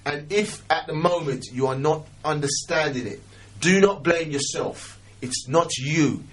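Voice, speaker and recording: A man's voice: fairly high pitch, unhurried. A man talking as a guest on a radio talk show, earnest and encouraging, often stumbling over repeated words. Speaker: radio guest, maths teacher. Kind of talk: casual radio chat.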